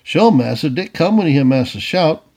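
A man putting on a jumpy young servant, eager to please and quick to answer. His husky voice is pitched well up and swings about. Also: lively intonation, darkish tone.

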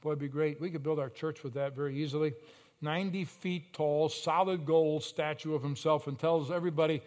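A male pastor preaching a sermon, telling stories with sudden loud surges and slow, emphatic phrases. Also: on the high side, fairly even intonation.

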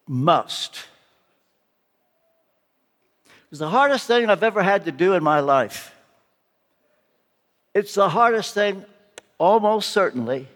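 A man's voice: high-pitched, fairly bright tone. An older man preaching a sermon, telling a personal story in an earnest, emphatic way. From United States. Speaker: guest preacher. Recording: long hall reverb.

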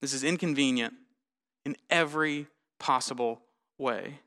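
A man's voice: mid-range voice, unhurried, bright, forceful tone, big-room sound. A man preaching a sermon in a conversational, storytelling way with self-deprecating humor. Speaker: pastor.

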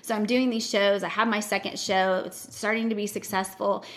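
A woman's voice: medium pitch, flat delivery, moderate pace. A woman hosting a casual chat, talking in a chatty way and sharing her own story. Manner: chatty, many "like" fillers.

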